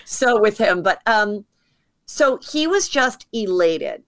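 A woman comedian telling stories as a podcast guest, chatty and quick to act out what people said. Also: medium pitch, lively intonation, fairly bright tone. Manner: chatty storyteller acting out quotes. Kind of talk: casual podcast chat.

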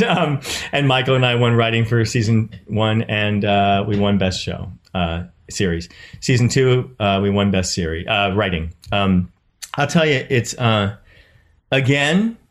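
A middle-aged man, an actor and producer, telling stories casually in an interview and acting out the voices of people he quotes. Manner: animated, acts out quoted voices with pitch jumps.

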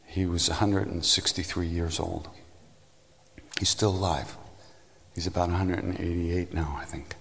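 A man giving a storytelling spiritual talk, unhurried, meandering and reflective. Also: sits low, steady tone, gravelly, fairly bright tone, in a large hall, slight background noise. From United States. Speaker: spiritual teacher.

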